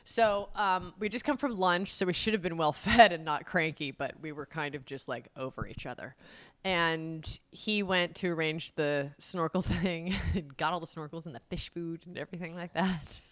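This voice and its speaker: A woman in her forties co-hosting a podcast, telling stories in casual chat, animated and teasing. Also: on the low side, normal speed, dry recording. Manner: animated storyteller, acts out others' voices, teasing. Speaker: podcast co-host.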